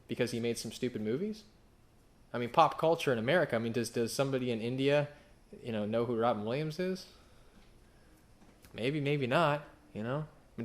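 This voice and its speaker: In a relaxed, conversational sermon, a pastor in his thirties keeps throwing rhetorical questions at the audience and frequently restarts or repeats his lines. He speaks at an ordinary middle pitch.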